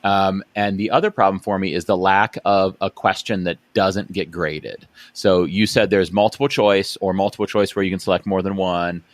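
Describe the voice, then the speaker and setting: A man's voice: sits low, fairly even intonation, moderate pace, few pauses, dry recording. A man hosting an education podcast interview, chatting casually with plenty of fillers and restarts. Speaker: podcast host.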